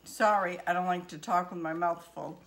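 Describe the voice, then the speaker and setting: A woman's voice: on the low side, level tone, a little fast. An older woman with a Maine accent, chatting homespun and friendly while showing how she bakes at home. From Maine, USA. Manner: chatty, homespun, talks to viewers as folks. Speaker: home cooking vlogger. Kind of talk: casual cooking demonstration. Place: home kitchen.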